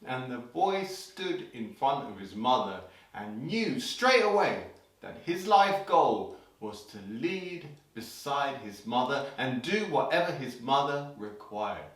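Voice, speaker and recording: A man hosting a children's show, telling a story playfully and breaking into sudden shouts, heard in an echoey room from a distance. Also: medium pitch, slow. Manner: animated, leaps into loud sudden shouts for scares.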